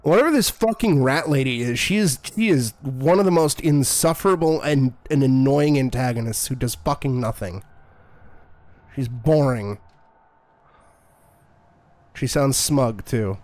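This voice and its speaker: A man's voice: mid-range voice, unhurried, pauses often, a little mellow, no echo. A man streaming a horror game, commenting in a profane, sarcastic and irritated way. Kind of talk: live gameplay commentary.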